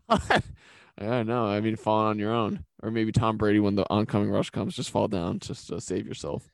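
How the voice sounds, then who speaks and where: A man from Massachusetts co-hosting a casual sports podcast, tossing in quick jokey asides. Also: lowish voice, vocal fry, no echo. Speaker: podcast co-host.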